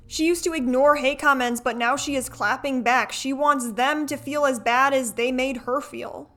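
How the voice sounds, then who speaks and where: A woman's voice: high-pitched, steady tone, normal speed, sharp tone, soft background music. A woman narrating a scripted commentary video in a wry, gossipy, conversational way. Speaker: commentary host.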